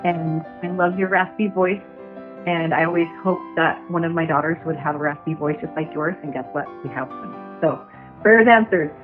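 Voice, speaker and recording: A woman with a somewhat low voice leaves a bubbly, affectionate birthday message. The sound is tinny, like a phone, with faint music underneath. She speaks with lively warmth. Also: moderate pace. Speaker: friend giving a birthday tribute. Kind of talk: heartfelt recorded message.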